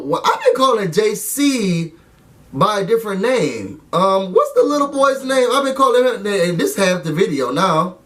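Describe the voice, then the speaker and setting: A high-pitched man recapping a TV show in a lively, conversational way, often turning to speak straight to his audience. He sounds somewhat distant from the microphone. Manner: animated, talks straight to viewers. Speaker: TV recap vlogger. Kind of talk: casual recap and review.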